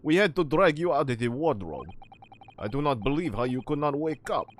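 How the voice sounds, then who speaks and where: A man faking a gruff Russian sailor. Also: a little high, expressive, brisk, a little hiss or hum, voice pushed up, close to an everyday voice. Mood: threatening. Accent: Russian, put on. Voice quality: blunt, threatening.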